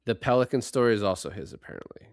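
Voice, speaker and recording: A man hosting a casual movie-review podcast, excitedly recounting scenes and swearing freely. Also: on the low side, rapid-fire, vocal fry, dry recording, studio quality. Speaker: podcast host.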